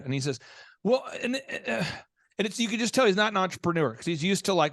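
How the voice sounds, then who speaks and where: Brisk male podcast host, high-ish voice, dry close mic. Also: no room sound. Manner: acts out quoted voices, fast and energetic. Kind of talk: animated storytelling.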